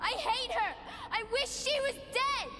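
A woman's voice: extremely high pitch, unhurried. A woman voicing a bitter, hateful ghostly young girl in a video game, speaking coldly and resentfully. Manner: cold, resentful, echoing. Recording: long echo under loud music.

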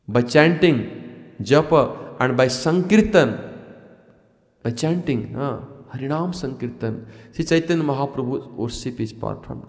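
Man, fairly high voice, devotional lecture, long hall reverb. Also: expressive, normal speed, darkish tone. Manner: repeats and asks rhetorical questions, chants verses. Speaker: spiritual teacher. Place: ashram hall.

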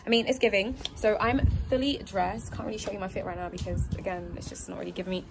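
A woman's voice: mid-range voice, fairly even intonation, fast talker, gravelly. Young woman, gushing slangy vlog chat, roomy echo, noisy background. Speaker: vlogger and interviewer. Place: at home, indoors. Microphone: phone camera. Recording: echoey room with background noise.

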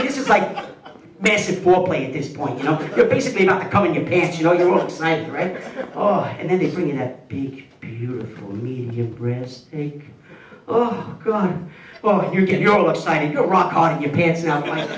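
An older man performing a stand-up routine, telling an animated story and drawing out slow, savoring passages. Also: high voice. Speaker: stand-up comedian. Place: comedy club stage. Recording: roomy club sound from a distance, loud audience. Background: audience laughter.

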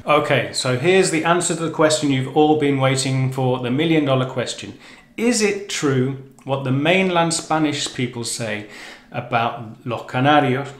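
A man talks through a lesson in a loose, chatty way, often correcting himself mid-word. His voice sits at an ordinary middle pitch. The room around him adds a clear echo. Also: moderate pace, soft background music. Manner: chatty, self-correcting explanations. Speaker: language teacher. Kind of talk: educational explainer. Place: living on the Canary Islands.

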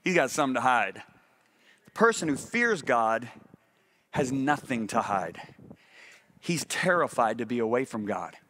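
A man preaching a sermon to a congregation, telling stories with big exclamations and dropping low to drive points home. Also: unhurried, pauses often, a little hiss or hum. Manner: animated storytelling preacher, swings between loud exclamations and low intense emphasis. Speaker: pastor.

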